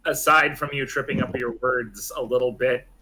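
A man's voice: mid-range voice, steady tone, moderate pace, background noise. A man giving casual, hesitant feedback in a writing group chat. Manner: hesitant, rambling.

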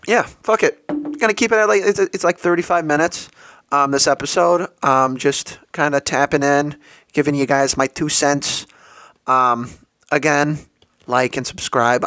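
A young man tells a rambling story on his solo podcast in a casual, swearing way, with plenty of fillers and acted-out quotes. His voice sits at an ordinary middle pitch. The recording is dry, with no room sound. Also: vocal fry, fairly bright tone, no echo. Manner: casual and profane, with many fillers and quoted asides. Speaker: podcast host.

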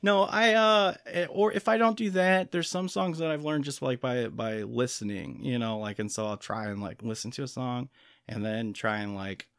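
Creaky-voiced rambling man. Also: mid-range voice, steady tone, normal speed, fairly bright tone, no echo, clean studio sound. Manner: rambling, filler-heavy, laughs easily. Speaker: guest. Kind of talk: casual chat.

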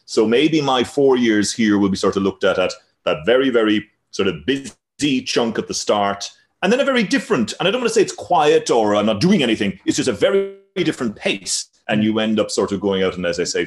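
A man, a news reporter, answering an interview in a measured, reflective way with hedging fillers. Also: lowish voice, big pitch swings.

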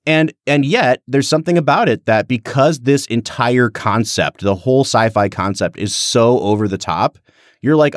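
A man in casual podcast talk about a movie, animated and rambling in long thoughts. His voice sits at a middle pitch. The sound is close and dry, with no room around it. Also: normal speed, dry recording. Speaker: podcast co-host. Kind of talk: casual film discussion.

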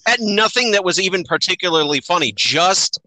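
Bright, sharp-toned man mocking a movie. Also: high-pitched, expressive, fairly quick, low-quality recording. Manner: swearing, laughing, exasperated mockery. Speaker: podcast host. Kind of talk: casual movie review chat.

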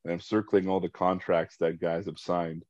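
Very deep-voiced male host, dull dry audio. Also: level tone, moderate pace, darkish tone, dry recording. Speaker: podcast host. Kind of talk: conversational interview.

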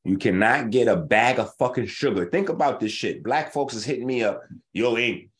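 A man hosting a health show, lecturing bluntly and profanely in a casual rant, slowing down to explain points step by step. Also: medium pitch, lively intonation, breathy edge. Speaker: host of a natural health show. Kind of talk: ranting casual commentary.

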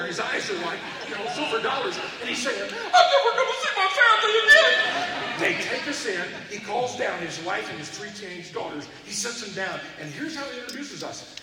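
Animated preacher in an echoey hall. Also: male voice, high voice. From Texas. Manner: animated, acts out voices in his stories. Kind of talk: storytelling sermon. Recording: echoey hall from far off, noisy.

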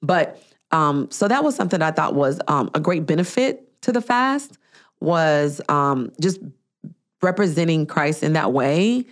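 Woman telling a lively story. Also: deep voice, unhurried. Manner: animated storytelling, acting out quoted people. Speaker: podcast host. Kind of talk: casual chat.

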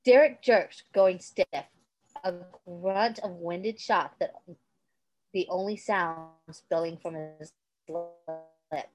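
A woman's voice: lowish voice, slow, darkish tone, no room sound, faint music behind, low-quality recording. A woman casually reading fan fiction aloud, stumbling and restarting over words. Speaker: reader.

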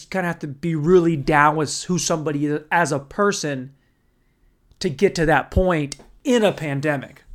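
A man's voice: fairly high pitch, a bit bright. A man doing stand-up storytelling in a profane, rambling, bro-ish way. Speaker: stand-up comedian.

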